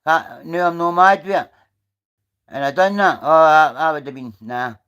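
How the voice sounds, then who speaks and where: A man's voice: fairly high pitch, normal speed, a bit bright, clean tone, dull audio. A Scottish man chatting casually on a livestream, rambling through a story and swearing freely, sitting outdoors. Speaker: livestream host.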